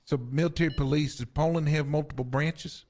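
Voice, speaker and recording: A man improvising a sergeant in a game role-play, gruff, profane and quick to anger. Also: on the high side, fairly even intonation, very noisy.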